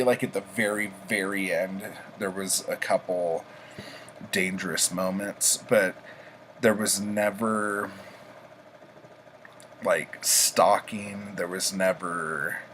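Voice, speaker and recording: A man's voice: low-pitched, fairly bright tone, slight background noise, rough recording. A man casually reviewing books he read this week, rambling with many ums and likes. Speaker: book reviewer, vlog host. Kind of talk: casual book review chat.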